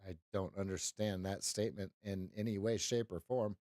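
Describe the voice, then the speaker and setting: A man's voice: sits low, steady tone, normal speed, a little mellow, no room sound, clean studio sound. A man giving live trading commentary on a stream, wry and teasing as he talks to his chat.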